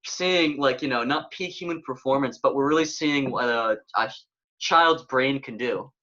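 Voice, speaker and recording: A young man hosting a podcast, telling stories in an excitable, casual way and saying "dude" a lot. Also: mid-range voice. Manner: excitable, fast storytelling with lots of "dude". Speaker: podcast host. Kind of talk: casual chat. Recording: dull lo-fi sound.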